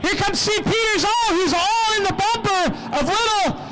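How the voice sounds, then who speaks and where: A man announcing a live race at an outdoor speedway, calling the action excitedly and joking with drivers. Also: very high voice, normal speed, low-quality recording. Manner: excitable play-by-play, jokey with drivers. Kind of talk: live race commentary and interviews.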